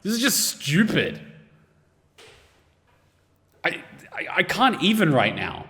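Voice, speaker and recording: Exasperated man with a lively voice, echoing. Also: high voice, slow pace. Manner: exasperated, swearing, rhetorical questions. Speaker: anime reaction host. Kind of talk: casual reaction commentary.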